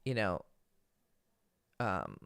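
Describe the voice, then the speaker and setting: A man's voice: lowish voice, sing-song, very slow, creaky, a bit bright, clean tone, no room sound. A man hosting a casual livestream Q&A from home as a dating coach, talking loosely and profanely and explaining with examples and stories.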